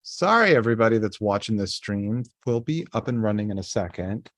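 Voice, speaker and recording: A man's voice: lowish voice, expressive, brisk, dry recording. A man co-hosting a podcast, casually retelling a TV episode in a loose, rambling way full of "like". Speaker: podcast co-host. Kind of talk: casual episode recap chat.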